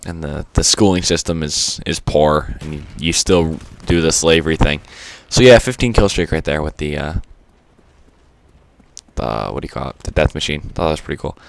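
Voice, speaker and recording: A man's voice: a bass voice, normal speed, vocal fry. A man giving unscripted gameplay commentary, rambling and stuttery with lots of fillers and casual swearing. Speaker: gaming commentator.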